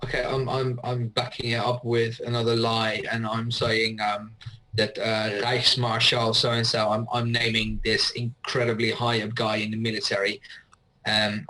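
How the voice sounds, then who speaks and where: A man playing in a tabletop game, describing his character's moves in a steady, matter-of-fact way. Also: on the low side, rough recording. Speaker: player.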